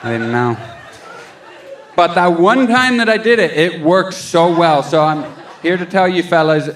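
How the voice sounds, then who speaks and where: A stand-up comedian telling a story on stage, acting out his own quotes with lively shifts in voice. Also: fairly high pitch, unhurried. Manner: animated storytelling with acted-out quotes. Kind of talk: stand-up routine. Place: comedy club stage with a laughing audience.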